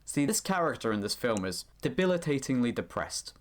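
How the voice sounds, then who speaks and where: A man's voice: mid-range voice, sing-song, a little fast. A man narrating a scripted explainer on language in a dry, lightly wry way. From Sweden. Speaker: video essay narrator.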